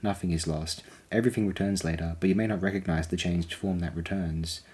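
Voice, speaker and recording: A fierce young oracle woman, imperious and sharp-tongued, intoning her pronouncements, as a man reads her. The voice stays low and husky. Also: steady tone, fairly quick. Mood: solemn.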